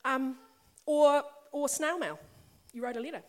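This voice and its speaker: Middle-aged female preacher, high voice, warm-chatty storytelling that swells into emphatic appeals. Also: measured pace. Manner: conversational and personal, building to emphatic passages. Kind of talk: sermon. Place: church or meeting hall with a congregation.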